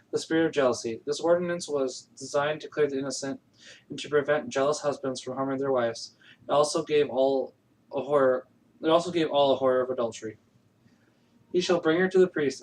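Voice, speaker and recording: A man reading the Bible aloud in a plain, steady way, with frequent slips and self-corrections, his voice still strained from allergies. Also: medium pitch, slight background noise, low-quality recording. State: recovering voice after allergies. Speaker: Bible reader.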